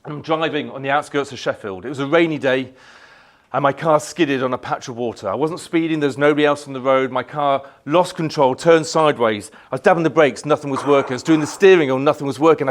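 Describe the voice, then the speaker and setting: A man giving a live motivational talk, energetically leading the crowd in chants and telling his story. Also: medium pitch. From Yorkshire, England. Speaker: motivational speaker. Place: indoor event hall, live audience.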